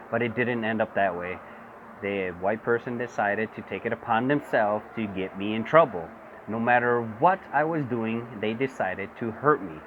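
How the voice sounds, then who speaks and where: Recorded on what sounds like a phone, tinny and with insects buzzing, a vlogger speaks at normal speed in a low-leaning voice. His political monologue is passionate and repetitive, alternating English with Spanish.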